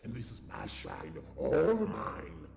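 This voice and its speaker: An actor playing a possessive male shrine keeper who warns intruders away in a slow, sweeping game voice. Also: mid-range voice, huge pitch swings, gravelly, a little mellow, soft background music, full character voice. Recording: dull lo-fi game audio.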